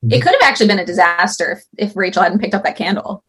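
A woman's voice: mid-range voice, quick pace, a bit bright, slightly rough. A woman from California co-hosting a casual podcast, chatting and reacting about a reality show. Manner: chatty, fillers and restarts. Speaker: podcast co-host.

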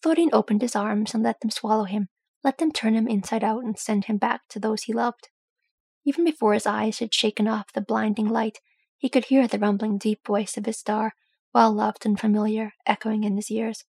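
A woman reading a fan story aloud in a steady storytelling manner. Her voice is husky with some gravel, and the recording is dry and close. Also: fairly high pitch, moderate pace, dry recording. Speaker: audiobook reader.

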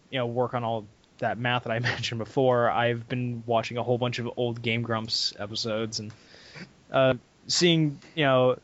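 A man's voice: medium pitch, a bit bright. A young man co-hosting a casual podcast, laid-back and hesitant, with fillers and laughs. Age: young adult. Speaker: podcast co-host. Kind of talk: casual chat. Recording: dull lo-fi audio.

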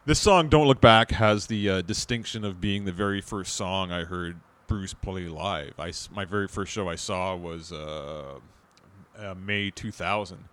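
Deep-voiced man rambling casually. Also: fairly bright tone. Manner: rambling, halting, with many "like"s. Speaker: podcast co-host. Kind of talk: casual music discussion.

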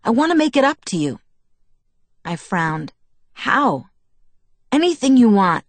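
A woman voicing an eager, remorseful teenage werewolf boy who rushes and trips over his words, in an audiobook reading. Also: on the low side, animated, dry recording.

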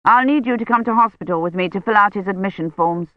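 A woman voicing a brisk, commanding female doctor who gives curt orders. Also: mid-range voice, dry recording, natural voice. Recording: dull lo-fi recording.

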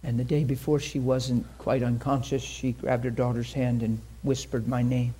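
A man's voice: medium pitch, flat delivery, moderate pace, hardly any pauses, warm tone, husky. A man preaching a sermon to a congregation, telling a story in an earnest, conversational way and acting out the voices of the people in it. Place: church in front of a congregation.

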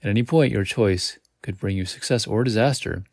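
A man with a fairly low, gravelly voice reads a gamebook aloud for his podcast. He keeps it casual, stumbling and correcting himself now and then. The sound is dry and close. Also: fairly quick, darkish tone, dry recording. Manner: casual reading with slips and self-corrections. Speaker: podcast host.

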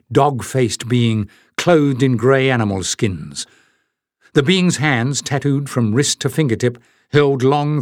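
A man with a medium-pitched voice narrates a scripted fantasy audiobook dramatically, lifting his voice for the characters. The recording is dry, with clean studio sound.

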